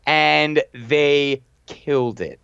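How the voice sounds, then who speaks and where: A man's voice: fairly high pitch, steady tone, extremely slow, gravelly, a bit bright, clear, resonant tone, no echo, dull audio. A man recapping a TV episode in casual, enthusiastic chat as a podcast co-host, rambling with restarts.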